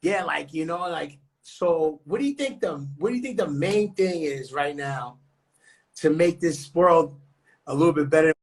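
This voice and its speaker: A man's voice: a little high, moderate pace. A young man from New York talking on a podcast in a loose, slangy, profane way. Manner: slangy, profane, street talk. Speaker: podcast co-host. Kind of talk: casual podcast chat.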